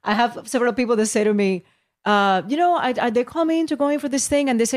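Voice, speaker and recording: A woman's voice: on the high side, fast talker. A woman from Puerto Rico with a Puerto Rican Spanish accent, hosting a casual interview and reacting with emphatic agreement.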